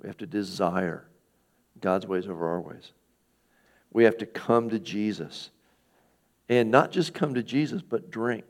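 Male pastor, middle-aged, low gravelly voice, relaxed conversational sermon. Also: a little slow, long pauses. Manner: conversational, asks the listeners questions, acts out quoted speakers.

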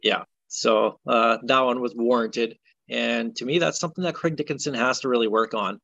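A man's voice: mid-range voice, normal speed, creaky, fairly bright tone, no room sound, muffled recording. A man co-hosting a podcast, ranting in exasperation about a football game in casual chat. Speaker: podcast co-host.

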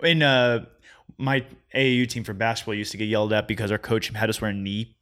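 A man's voice: fairly low pitch, fairly even intonation, a little fast, fairly bright tone. A young man chatting casually as a podcast co-host, laid-back, with lots of "like" and "bro". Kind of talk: casual chat.

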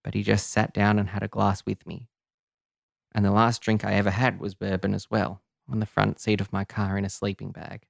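A man narrating a first-person audio serial in a quiet, confessional, measured way. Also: lowish voice, completely flat delivery, creaky, dry recording, studio quality. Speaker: narrator and writer.

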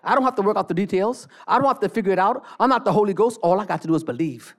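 A preacher delivering a fiery church sermon, repeating phrases, calling for the congregation to answer, and bursting into shouts. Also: medium pitch, expressive, rapid-fire.

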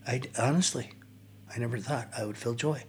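An older man appears as a podcast guest, earnestly and reflectively sharing his personal recovery story with frequent pauses. His voice is mid-range, with a little hiss or hum in the audio.

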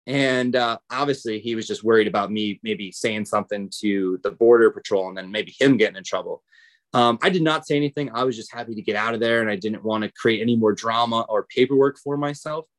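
A man from the United States recounts a story on a podcast in loose, casual speech. He slips into the voices of the people he quotes, which keeps the telling animated, and his pitch sits in an ordinary middle range for a man. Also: brisk. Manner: animated, acts out others' lines in quotes. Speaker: podcast guest.

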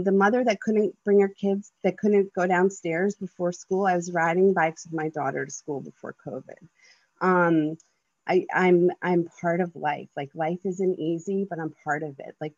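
A woman's voice: mid-range voice, darkish tone, breathy edge, dry recording, highs cut off. A woman in her thirties giving an earnest personal share at a twelve-step meeting, talking loosely with many ums, likes and restarts.

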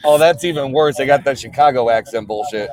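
A man's voice: medium pitch, a little fast, crowd noise. A hungover man calling in from the back of a car, cocky and teasing in casual banter. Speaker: wrestling champion guest calling in.

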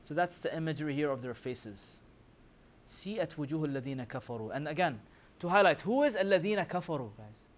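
Male religious teacher, slightly high voice, rapid recitation, keeps quizzing the room. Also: lively intonation. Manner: quizzes listeners with rhetorical questions; recites scripture in rapid chanting. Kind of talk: Quran commentary class.

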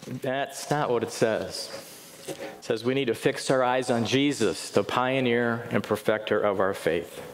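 A man's voice: medium pitch, a little slow. A middle-aged man delivers a sermon in a church hall, earnest and searching, often turning to his listeners with questions. His voice carries a long echo from the room, over a faint background hiss. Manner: earnest, asks the congregation questions. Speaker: pastor. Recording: echoey hall with faint noise.

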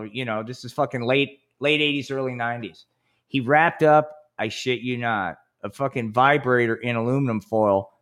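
A man's voice: mid-range voice, fairly bright tone. A man in his fifties, a podcast co-host telling rambling, profane stories in casual chat and acting out quotes in a raised voice. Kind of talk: casual storytelling.

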